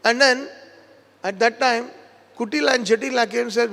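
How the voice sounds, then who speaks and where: High, gravelly man telling a scripture story. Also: a little fast, a bit bright, big-room sound. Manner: retells a scripture story, quoting each character in turn. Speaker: spiritual teacher giving a seminar. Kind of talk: devotional storytelling lecture. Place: temple lecture hall.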